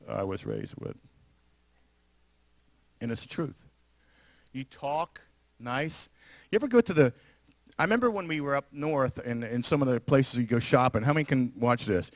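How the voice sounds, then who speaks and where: A man with a New York area accent, preaching a sermon as pastor in an animated, emphatic way with frequent laughter. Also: medium pitch, no echo. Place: church sanctuary.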